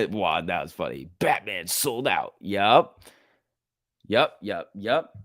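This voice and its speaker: A young man hosting a live stock market stream, talking casually and excitably, swearing freely and reading chat aloud. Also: deep voice, slow pace, no room sound, clean studio sound. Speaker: stock market livestream host.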